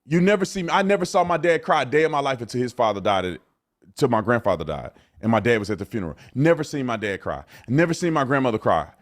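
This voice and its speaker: A man's voice: medium pitch, lively intonation, fast talker. A man commenting on clips, explaining his point insistently and repeating himself. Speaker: commentator answering critics.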